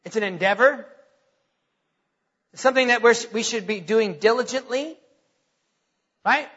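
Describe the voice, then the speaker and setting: A male pastor delivers a sermon with emphatic repetition and dramatic slowdowns. His voice sits very high and sounds bright and forceful. The recording is dull, with a long church reverb. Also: breathy edge. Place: church sanctuary.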